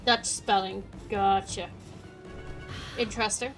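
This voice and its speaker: A woman's voice: mid-range voice, steady tone, slow, fairly bright tone, faint music behind. Chatty Canadian woman with British-tinged accent. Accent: Canadian mixed with British. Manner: chatty, rambling, laughs often. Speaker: streamer. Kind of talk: casual gameplay chat with viewers.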